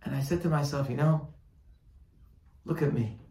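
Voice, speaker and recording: A man teaching a Torah class, telling a story with animated speed-ups and hushed asides. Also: fairly high pitch, moderate pace, roomy sound.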